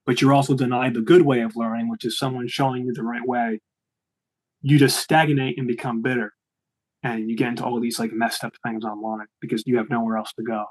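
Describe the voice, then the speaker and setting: A man's voice: mid-range voice, level tone, fairly quick, poor audio. A young man, talking as a guest in a casual interview, rambling with frequent restarts.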